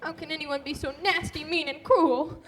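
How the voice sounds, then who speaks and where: A woman's voice: high-pitched, fairly even intonation, moderate pace, a bit bright, slight background noise. A teenage girl acting a frightened, earnest young girl in a school stage play, talking in a pleading tone. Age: teens.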